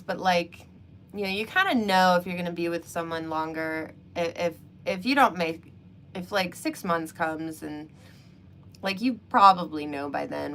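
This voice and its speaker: Her voice sits on the low side with a fairly bright tone. As a livestream host, she chats casually about her opinions, laughing frequently and filling her speech with fillers.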